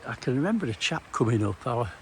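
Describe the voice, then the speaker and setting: Gravelly man narrating a town walk. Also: mid-range voice, sing-song, fast, slight background noise. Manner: meandering, anecdotal, dry humour. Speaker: former police officer giving a walking tour. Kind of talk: casual walking-tour narration. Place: outdoors in a small town.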